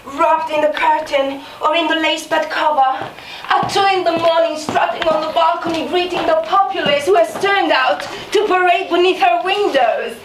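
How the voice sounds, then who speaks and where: On a small theatre stage, an actress plays a bitter, resentful young maid, scornful and fierce, whose sarcasm and mockery swing into sudden outbursts. Her voice is extremely high, at normal speed with hardly any pauses, caught from far off by a distant room mic in an echoey theatre with faint noise.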